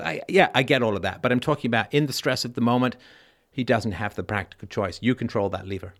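A man hosts a call-in advice show with a mid-pitched voice. He lectures emphatically and presses his caller with probing questions.

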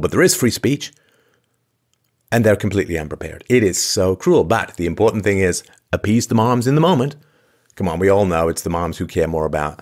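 A man with a low, deep voice rants through a commentary monologue, firing off incredulous rhetorical questions. His delivery is sarcastic and punctuated by weary sighs. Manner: sighs often. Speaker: podcast host.

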